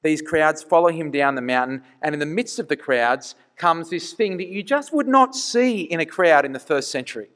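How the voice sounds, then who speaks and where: Male preacher, fairly high voice, earnest conversational sermon delivery. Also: fairly bright tone. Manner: conversational, earnest, rhetorical questions.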